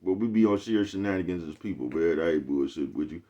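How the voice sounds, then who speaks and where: A man's voice: sits low, lively intonation, quick pace, mellow, dull audio. A man hosting his own video channel, talking to his viewers in a loose, rambling monologue full of slang and swearing, chuckling often and coming back again and again to the same catchphrase. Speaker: YouTube host.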